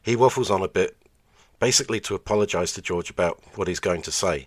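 A man's voice: deep voice, quick pace. A man narrating over archive clips, making sarcastic, dry asides.

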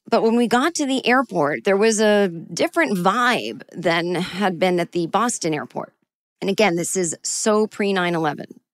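A woman tells a personal story in a lively, self-mocking way and acts out what people said. Her voice sits in a mid range. The recording is dry and close, with no room sound. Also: medium pitch, dry recording. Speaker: storyteller guest.

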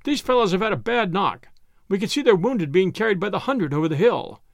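A man's voice: high voice, animated, brisk, vocal fry, no room sound, studio quality. A man doing an eager young man. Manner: eager, reassuring.

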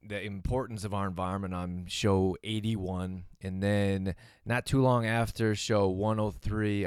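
A man with a lowish, smooth, resonant voice and a mixed North American accent talks through a solo wellness podcast. He rambles easily and chuckles between thoughts. The sound is dry and close. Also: darkish tone, no room sound. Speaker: podcast host and fitness coach. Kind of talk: casual solo podcast talk. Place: lives in Canada.

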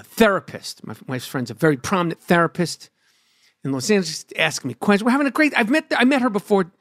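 A middle-aged man, telling a profane, animated story as a podcast host. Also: high voice, no echo, clean studio sound. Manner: animated, brash, lots of swearing.

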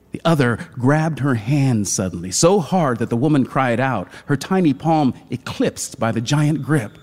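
Guy reading a dark short story out loud, hushed and slow, breathy voice. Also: medium pitch, expressive. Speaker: narrator.

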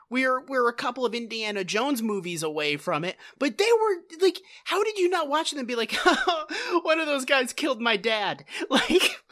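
Podcast co-host: bright, lively woman who laughs a lot and jokes in mock voices. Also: high-pitched. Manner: laughs often, profane, slips into mock accents. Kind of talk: casual comedic chat.

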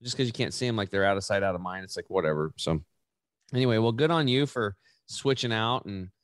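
A middle-aged man hosting a podcast, chatting casually and animated, acting out quotes in high voices. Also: brisk, no echo, studio quality. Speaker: podcast host. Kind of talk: casual interview chat.

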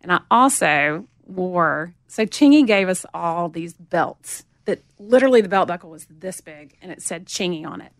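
A woman's voice: normal speed, hardly any pauses, no echo. Storytelling woman with a Southern accent. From Montgomery, Alabama. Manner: animated storyteller, acts out quotes in a higher voice. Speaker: guest, music promotion veteran. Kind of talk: casual storytelling interview.

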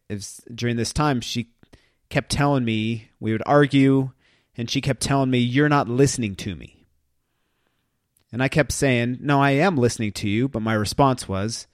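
A man's voice: medium pitch, no room sound, studio quality. Earnest middle-aged male podcast host. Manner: earnest, reads a list of phrases aloud. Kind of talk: reflective podcast monologue.

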